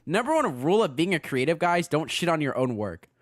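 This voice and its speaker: A young man chatting casually on a livestream as a VTuber streamer, excitable, laughing often and swearing freely. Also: a little high, brisk, no room sound, studio quality.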